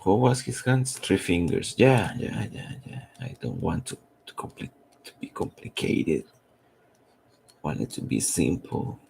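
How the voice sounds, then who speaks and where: Slow, gravelly man musing while drawing. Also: low voice, wildly swooping pitch, darkish tone, a little hiss or hum. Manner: thinking aloud, halting and rambling while drawing. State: losing his voice. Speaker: comic artist. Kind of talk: live drawing stream commentary.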